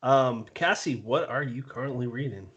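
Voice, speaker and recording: A man's voice: mid-range voice, normal speed, a bit bright, husky, muffled recording. A man hosting a podcast in casual chat, cracking jokes and moving the conversation along. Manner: joking, moves the conversation along. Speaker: podcast host.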